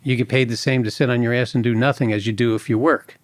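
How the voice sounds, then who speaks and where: A man, a former agent telling lively stories in a podcast interview and acting out other people's voices. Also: medium pitch, quick pace, no echo. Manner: animated anecdotes, acts out other people's voices. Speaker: former FBI agent guest.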